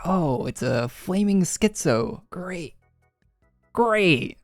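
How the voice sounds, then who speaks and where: A male gaming streamer reads game dialogue aloud in a gravelly, fry-laden voice and breaks off for wry jokes. He is recorded dry and close on a studio microphone, with faint game music behind him. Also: medium pitch, moderate pace, no echo. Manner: wry, joking asides between flat readings. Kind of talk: reading game dialogue aloud with casual commentary.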